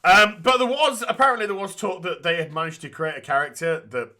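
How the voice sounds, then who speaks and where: A man's voice: sits high, steady tone, a little fast, pushed and bright. A man co-hosting a casual podcast, talking bluntly with lots of swearing and restarts. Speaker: podcast co-host.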